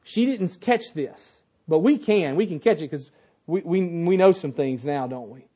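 High-pitched male preacher, emphatic sermon delivery, questions the congregation. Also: animated, unhurried, dark tone. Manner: emphatic, repeats key phrases.

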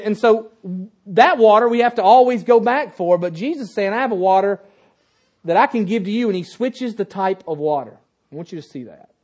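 A man's voice: high voice, darkish tone. A man preaching a sermon to his congregation, emphatic and repeating key phrases, often asking the listeners questions.

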